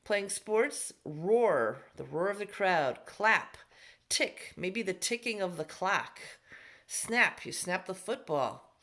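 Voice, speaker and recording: A middle-aged woman teaching a recorded class lesson from home, patient and sounding words out slowly for young pupils. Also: medium pitch, animated, sharp tone. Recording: echoey room.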